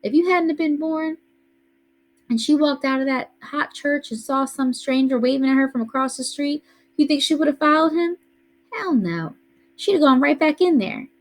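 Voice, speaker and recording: A woman's voice: high-pitched, moderate pace, voice pushed up, rough recording. A woman reading aloud voices a tough, bossy teenage older brother who scolds in a streetwise way. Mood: insistent.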